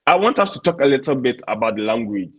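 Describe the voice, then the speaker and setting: A man's voice: medium pitch, sing-song, quick pace, slight background noise, rough recording. A man hosting a casual interview, asking curious, encouraging questions. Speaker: host.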